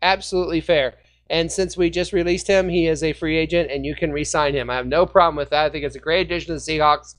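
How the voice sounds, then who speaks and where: A man's voice: fairly high pitch, steady tone, fast talker. Joking podcast host, man. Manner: jokey, bursts into shouting. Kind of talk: casual fan podcast chat.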